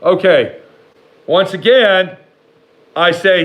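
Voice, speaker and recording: A man with a fairly high, expressive voice tells a long personal story directly to his viewers as a vlogger speaking to camera. He swears freely, wanders off track, and snaps back at imagined haters, his pace swinging between slow, heavy emphasis and fast, tumbling asides. The audio is narrow and tinny.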